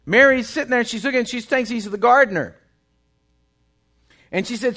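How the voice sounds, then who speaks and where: High-voiced preacher. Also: male voice, a little fast, long pauses. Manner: dynamic preaching, swinging from loud bursts to hushed tones. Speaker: pastor. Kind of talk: sermon.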